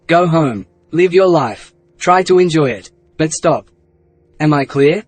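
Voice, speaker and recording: A man's voice: on the high side, expressive, measured pace, no room sound, faint music behind, pitched above the performer's own voice. A man narrating an audiobook, voicing a cold, expressionless male enforcer who speaks in curt threats. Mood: menacing.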